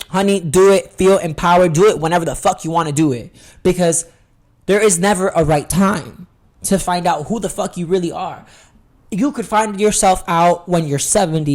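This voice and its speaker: A young adult woman hosting her own podcast in a candid, expressive confessional chat, swearing freely and calling listeners honey. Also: lowish voice. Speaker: podcast host.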